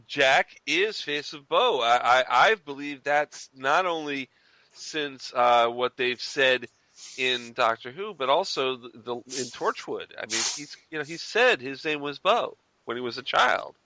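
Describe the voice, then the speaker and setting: A man hosting a fan podcast, chatting casually and animatedly with quick restarts and chuckles. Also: medium pitch, lively intonation, bright, forceful tone, dry recording. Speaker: podcast host.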